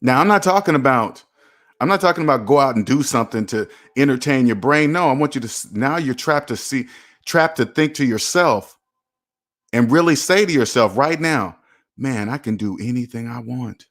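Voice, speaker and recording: A man hosts a personal finance talk and lectures his viewers like a motivational preacher. He repeats his points with emphasis and keeps saying "you guys". His voice sits at an ordinary middle pitch. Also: expressive, moderate pace, a bit bright. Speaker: personal finance channel host.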